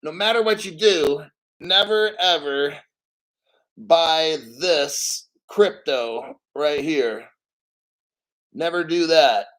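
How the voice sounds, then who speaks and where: A man's voice: on the high side, slow pace, pauses often, fairly bright tone. A man hosting a casual crypto livestream, a little out of breath, rambling and joking loosely as he reads donations.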